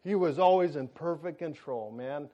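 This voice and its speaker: High-voiced animated preacher man. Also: moderate pace, highs cut off. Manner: animated, jokey storytelling with acted-out quotes. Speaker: pastor. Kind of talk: sermon storytelling.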